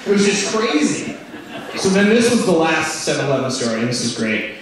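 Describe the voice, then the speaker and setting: A young man doing stand-up, telling stories with animated delivery and loud shouted impressions. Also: a little high, a little fast. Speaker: stand-up comedian. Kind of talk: stand-up storytelling. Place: comedy club stage. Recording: roomy club sound from a distance with crowd laughter. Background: audience laughing.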